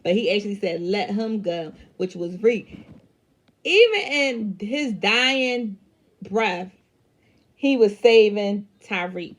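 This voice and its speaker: Slow, animated woman reviewing a show. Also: mid-range voice. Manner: emphatic, animated, swears freely, many fillers. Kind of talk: casual review recap.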